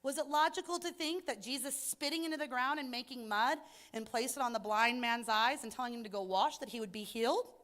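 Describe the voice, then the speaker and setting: A woman's voice: fairly high pitch, a little fast, hardly any pauses, a bit bright. A woman teaching an adult Bible study in an earnest, reflective way that rises to emphatic points.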